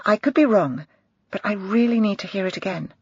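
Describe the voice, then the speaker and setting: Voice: mid-range voice, brisk, darkish tone, husky, no echo, muffled recording, voice pushed up. A narrator voicing a nervous young female detective who talks in a hesitant, apologetic way.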